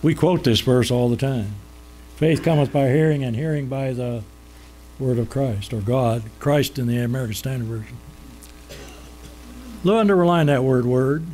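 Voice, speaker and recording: A man preaching a sermon, asking questions and then answering them, slowing down to stress key words. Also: medium pitch, warm tone, a little hiss or hum.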